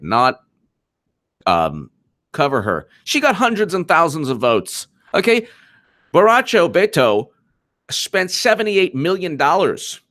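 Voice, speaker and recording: A man's voice: a little high, a bit bright, no room sound, clean studio sound. A man hosting a casual political commentary livestream, rambling, mocking, and reading out chat. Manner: laughs while reading chat. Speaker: livestream host.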